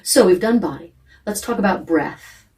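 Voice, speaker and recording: Female voice coach, gentle guided warm-up, mellow tone, mic at a distance. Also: mid-range voice, normal speed. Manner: calm, gentle, demonstrates sighs, yawns and hums. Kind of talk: guided vocal warm-up instruction.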